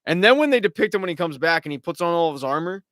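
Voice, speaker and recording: A man's voice: fairly high pitch, animated, rapid-fire, fairly bright tone, dry recording, studio quality. A man hosting a live recap stream, talking casually at home, rambling, swearing and slipping into mocking impressions. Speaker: show host.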